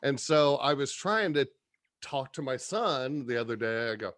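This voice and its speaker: A man's voice: medium pitch, lively intonation, moderate pace, a bit bright, dry recording, studio quality. A middle-aged man telling rambling, profane stories in casual chat, often laughing as he talks. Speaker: podcast guest.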